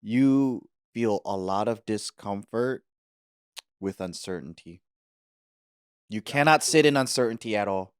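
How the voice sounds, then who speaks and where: A man's voice: lowish voice, measured pace, pauses often, clean tone, no room sound. Playful mock-therapist man, dry sound. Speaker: podcast co-host. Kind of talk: casual podcast chat.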